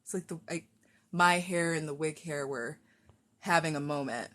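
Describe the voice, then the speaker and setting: A woman's voice: low voice, moderate pace, a bit bright. A woman chatting casually on a cosplay live stream, rambling and self-deprecating while she fixes a wig at home.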